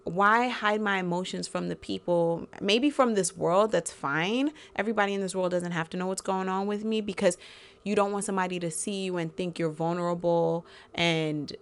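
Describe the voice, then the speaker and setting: Gravelly, openly emotional woman co-host. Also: fairly low pitch, normal speed. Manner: open, emotionally expressive. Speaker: podcast co-host. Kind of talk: casual chat.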